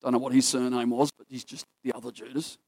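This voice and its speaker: A man's voice: mid-range voice, flat delivery, fast talker, darkish tone, husky. A man with an Australian accent preaching a casual, story-driven sermon that acts out what people in the story say.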